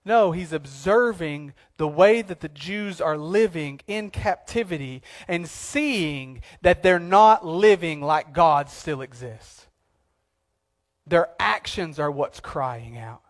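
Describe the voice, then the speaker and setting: Male pastor, high-pitched, impassioned sermon delivery, hushed to emphatic. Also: animated, takes it slowly.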